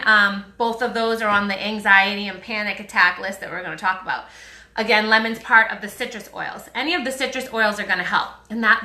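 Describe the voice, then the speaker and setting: A woman's voice: medium pitch, bright, forceful tone. A woman with a Boston accent hosting a chatty, upbeat live stream, answering viewer comments with frequent ums. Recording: roomy echo.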